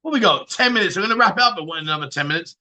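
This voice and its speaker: A man's voice: sits high, animated, racing, sharp tone. A man hosting a casual livestream chat show, reading viewer comments and joking around with frequent laughs and swearing.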